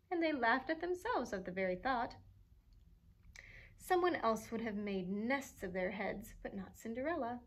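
Expressive woman reading a storybook aloud. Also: fairly high pitch, normal speed. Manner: expressive, animated, chuckling at the pictures. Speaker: children's librarian.

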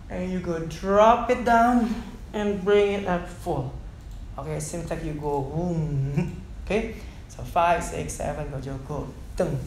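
A man leading an online dance class, counting beats and calling out moves with sounds like boom and ta, switching between Indonesian and English. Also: slight background noise. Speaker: dance teacher. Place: echoey dance studio. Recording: echoey studio room.

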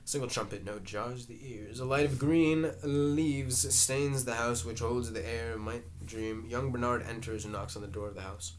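A man reading a play's stage directions aloud in a plain, unhurried way. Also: mid-range voice, fairly even intonation, slight background noise. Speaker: reader.

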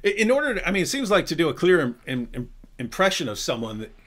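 A man's voice: a little high, very animated, fast, a bit bright. A man hosting a live question-and-answer stream, talking casually and animatedly with frequent asides and restarts. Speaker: host.

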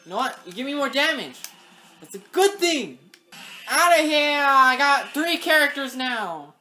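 Casual gamer girl, high voice, excitable, yells at the screen, bit of game music behind. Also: a little slow. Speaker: gaming channel host. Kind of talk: live gameplay commentary.

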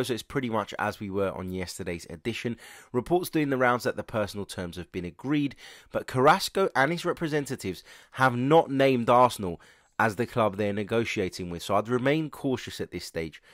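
Male podcast host, lowish voice, stuffy and congested, chatty and opinionated, dry close sound. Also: dry recording. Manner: chatty and opinionated, addresses listeners directly. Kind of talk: transfer news update.

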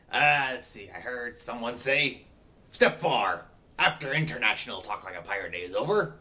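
A man's voice: on the high side, bright, forceful tone. A man running his own channel, talking in hammy pirate speak in a rambling, self-correcting casual vlog. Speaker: channel owner.

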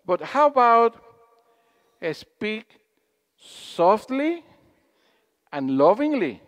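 A man gives a spiritual talk to an audience, with a high voice that swoops up and down as he tells stories and asks the crowd questions. He speaks slowly and with care. Long hall reverb trails after each phrase. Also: big pitch swings. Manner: storytelling with questions to the audience, acting out quotes.

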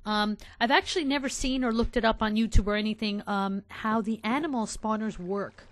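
A woman hosting a game let's play, chatting casually to her viewers and getting excited easily. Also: on the high side, brisk. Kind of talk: casual gameplay commentary.

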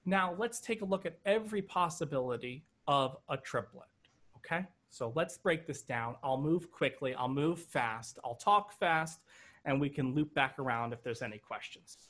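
A man's voice: on the high side, normal speed, fairly bright tone. A man teaching an online drum lesson over a video call, counting triplets aloud in rhythm and joking now and then. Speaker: drum instructor.

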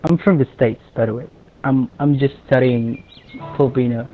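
A man's voice: medium pitch, normal speed. A man vlogging in a casual voice chat, joking and teasing as he talks. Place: virtual-world voice chat. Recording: tinny voice-chat audio, faint hiss.

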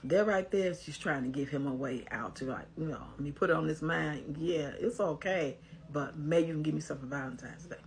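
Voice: medium pitch, brisk, creaky, a little hiss or hum. An advice commentator, reading a post aloud and giving blunt, scolding commentary in a casual way.

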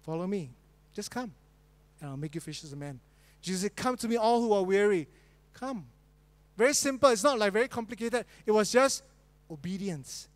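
A male pastor preaching a sermon with pauses and rising emphasis. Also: high voice. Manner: reads a spoonerism fairy tale as a joke, then preaches with pauses and rising emphasis.

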